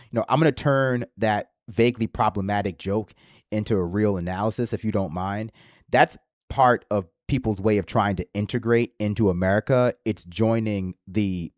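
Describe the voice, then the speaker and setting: A man's voice: lowish voice, darkish tone, dry recording, clean studio sound. A man hosting a livestream in casual political commentary, with a slight lisp and a sarcastic, rambling manner that swears freely. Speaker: livestream host.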